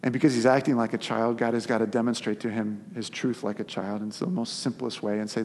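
A man preaching a sermon as a pastor, telling the story in an animated, conversational way. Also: medium pitch, fairly quick, few pauses. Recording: long hall reverb.

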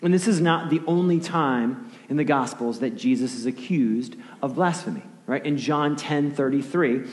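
Man preaching, hushed storytelling, echoey hall. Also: mid-range voice, moderate pace. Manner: vivid storytelling, often dropping to a hushed near-whisper; conversational, asks the audience questions. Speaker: pastor. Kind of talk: sermon. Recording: echoey hall with long reverb.

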